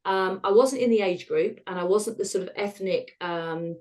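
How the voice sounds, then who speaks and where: A woman's voice: mid-range voice, normal speed, a little mellow. A middle-aged British woman, a retired osteopath, telling her own story frankly and wryly in an interview, acting out bits of dialogue. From United Kingdom. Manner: frank, wry, acts out dialogue in quotes.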